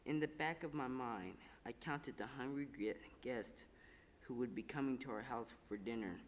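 A man reading a first-person story aloud in calm, measured narration, with a few small slips. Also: mid-range voice, long reverb tail, slight background noise. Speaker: reader.

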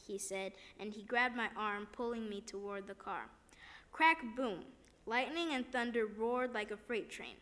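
A woman's voice: medium pitch, unhurried, a bit bright. A woman reading a first-person devotional story aloud, plainly, with small slips and restarts.

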